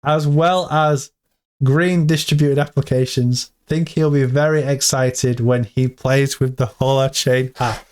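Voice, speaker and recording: A man giving casual, excitable commentary to his viewers while reading through a crypto AMA. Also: mid-range voice, measured pace, clean tone. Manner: excitable, hyped, talks to viewers as "team". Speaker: crypto vlogger.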